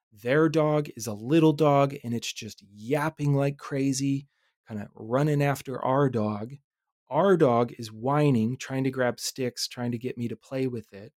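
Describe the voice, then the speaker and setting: Podcast guy in his 30s telling a story, animated, swears a bit, mid pitch, dry close sound. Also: measured pace, no echo. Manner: animated, swearing casually, shifting loudness. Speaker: podcast host. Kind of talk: reflective personal storytelling.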